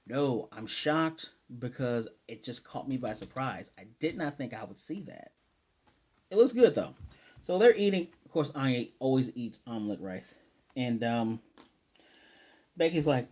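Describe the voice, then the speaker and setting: A man with a medium-pitched voice talks through an anime episode in a relaxed, chatty way. He keeps slipping into quick snatches of the characters' lines as he retells scenes, then drops back into his own commentary. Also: husky. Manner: animated retelling, quoting characters in passing. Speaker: anime reviewer. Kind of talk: casual recap commentary.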